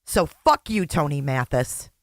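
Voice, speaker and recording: A woman's voice: low-pitched, expressive, a little slow, dry recording, clean studio sound. A woman host reacting to a clip with blunt, angry commentary and heavy swearing.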